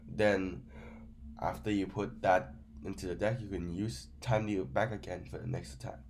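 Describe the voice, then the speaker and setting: A man's voice: deep voice, fairly even intonation, normal speed, a little mellow, slight background noise. Sick man rambling through a card review. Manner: non-native grammar, rambling with fillers. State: sick, stuffy voice.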